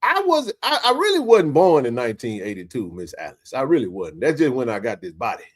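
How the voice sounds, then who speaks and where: A man in his forties hosts a casual sports live stream. He jokes around and talks straight to his viewers in an animated, easygoing way. His voice sits at an ordinary middle pitch. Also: fairly quick. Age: 40s. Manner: joking, animated, talks to chat readers. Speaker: sports talk stream host.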